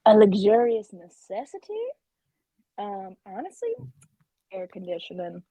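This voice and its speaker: A woman's voice: medium pitch, measured pace, dark tone, slightly rough, no echo. A woman guest on a podcast, a pastry chef, chatting in a bubbly, easygoing way. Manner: bubbly, chatty, laughs easily. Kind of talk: casual interview chat.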